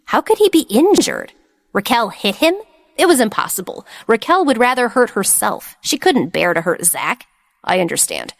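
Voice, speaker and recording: A woman narrating a romance audiobook in an even, measured reading. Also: a little high, no room sound, studio quality. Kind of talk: scripted narration.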